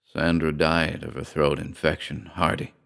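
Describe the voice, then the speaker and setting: A man doing a drunk man in a dead, flat voice. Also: lowish voice, moderate pace, vocal fry. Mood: dull menace. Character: drunk grieving man, dull and menacing.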